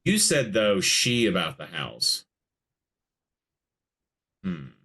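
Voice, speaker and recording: Animated man hosting a casual movie chat. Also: sits low, very slow, husky. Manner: animated, laughing, jokey asides. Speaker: podcast host.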